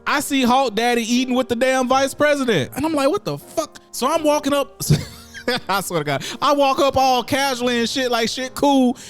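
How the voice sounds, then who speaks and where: Guy with telling a wild story, cussing a lot, acts out voices, kinda high voice, faint music behind. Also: smooth. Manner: profane, animated, acts out quotes. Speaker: storyteller vlogger. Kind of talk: casual storytelling.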